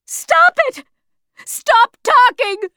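Woman reader doing a hysterical crying woman, shrill screams, very high, slow and dragged out. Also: lively intonation, bright, forceful tone, dry recording, clean studio sound, heavily acted. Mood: hysterical screaming. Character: terrified woman, breaking down in panic.

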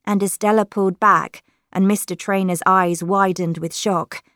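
A woman reading a first-person story aloud in a measured, careful way. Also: medium pitch, fairly even intonation, a bit bright, no room sound, clean studio sound. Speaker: narrator. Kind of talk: scripted first-person narration.

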